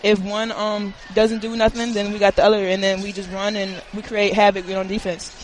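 A woman college basketball player giving a post-game interview, soft-spoken with many hesitations. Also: mid-range voice, little pitch movement, fairly quick, slight background noise, poor audio.

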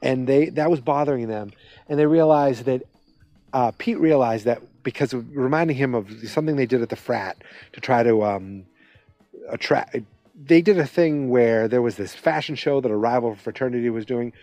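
A man's voice: medium pitch, normal speed, dark tone, no echo, soft background music. Rambling man recapping an episode. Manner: rambling, self-interrupting, conversational. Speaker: podcast host.

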